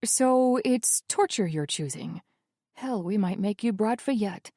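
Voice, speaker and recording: A woman's voice: mid-range voice, animated, slow pace, dark tone, no room sound. A woman voicing a blunt, teasing young woman with a dry, sarcastic manner.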